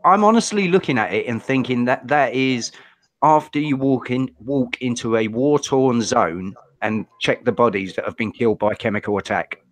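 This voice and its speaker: A man's voice: mid-range voice, moderate pace. A man with an English accent co-hosting a casual podcast and giving blunt opinions.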